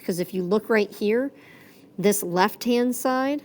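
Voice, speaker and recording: A woman's voice: on the high side, slow, a little mellow. A woman teaching a math lesson in a chatty, playful way, correcting herself as she goes. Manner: chatty, self-correcting, playful sound effects.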